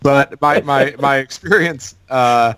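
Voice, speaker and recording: A man's voice: medium pitch, takes it slowly, fairly bright tone, clear, resonant tone, no room sound. A man from Michigan interviewing a guest, asking long questions with hesitations. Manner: hesitant, many fillers and restarts. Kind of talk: casual interview.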